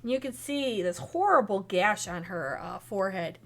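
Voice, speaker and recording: A woman's voice: medium pitch, lively intonation, moderate pace, a bit bright. A woman narrating as game master of an online tabletop game, chatty and loose with fillers. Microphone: headset or desk mic, online stream.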